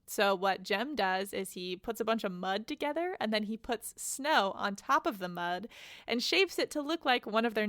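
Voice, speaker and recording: A woman's voice: medium pitch, sharp tone, no room sound, clean studio sound. A woman hosting a podcast, retelling a novel's plot in a casual, chatty way with personal asides. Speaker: podcast host. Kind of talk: casual book recap.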